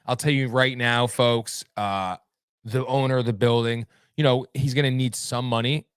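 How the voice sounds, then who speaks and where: A man's voice: medium pitch, fairly even intonation, moderate pace, smooth, no room sound, studio quality. A man hosting a live show alone, chatting casually and reading out viewer comments in a rambling, friendly way. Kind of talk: casual livestream chat.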